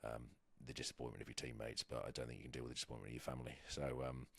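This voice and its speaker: A man's voice: rumbling low, flat delivery, very fast, vocal fry, fairly bright tone, no room sound. An English rugby player in his thirties, chatting on a podcast in a rambling, hesitant way with lots of fillers and restarts. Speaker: guest, professional rugby player. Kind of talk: casual podcast chat.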